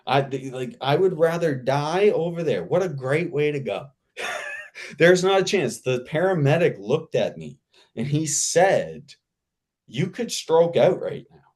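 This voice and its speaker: A man, an actor guest, telling a casual anecdote in an animated way, repeating himself and laughing as he talks. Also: a little high, measured pace. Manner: animated, repetitive, laughing mid-sentence.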